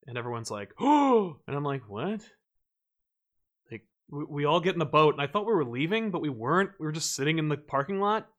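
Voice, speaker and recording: A man's voice: on the high side, lively intonation, quick pace, hardly any pauses, a bit bright, lo-fi sound. A man co-hosting a podcast in casual chat, rambling with many fillers and restarts as he retells stories with animation.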